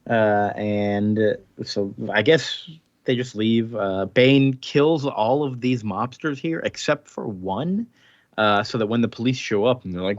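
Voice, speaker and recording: A man hosting a casual comic book podcast, recapping plots in a relaxed way and tossing in offhand quoted lines. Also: lowish voice, unhurried, no room sound, lo-fi sound. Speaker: podcast host.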